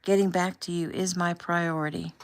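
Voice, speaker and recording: A woman voicing a young man on deployment, speaking softly and tenderly, with a low, gravelly tone. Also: flat delivery, normal speed, natural voice. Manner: soft, quiet, affectionate.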